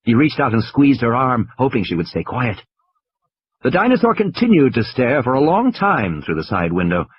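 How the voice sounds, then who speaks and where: A man's voice: medium pitch, huge pitch swings, normal speed, dull audio. A man narrating an audiobook with a tense, dramatic delivery.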